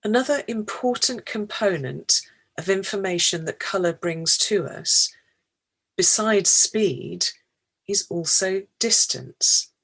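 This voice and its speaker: Breathy woman giving a measured lecture. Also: medium pitch, fairly bright tone. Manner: measured, deliberate explanatory delivery. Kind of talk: public science lecture.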